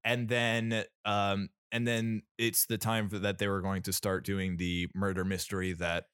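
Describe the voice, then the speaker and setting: A man's voice: fairly low pitch, little pitch movement, measured pace, a bit bright, clean tone, dry recording, studio quality. A man co-hosting a podcast, casually reviewing a film, rambling with many fillers and restarts. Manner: rambling, lots of fillers and restarts, laughs often. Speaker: podcast co-host.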